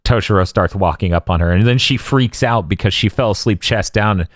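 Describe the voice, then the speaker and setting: Wry podcast host man, lowish pitch, jokey recap delivery, dry sound. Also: dry recording. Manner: wry, jokey, quick to laugh. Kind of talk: comedic episode recap.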